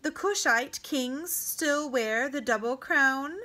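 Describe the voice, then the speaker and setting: A woman voicing a shrewd, indifferent middle-aged male king in a storybook reading, in a flat, quietly probing manner. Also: high voice, slow pace, pitched above the performer's own voice, exaggerated voice. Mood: cool.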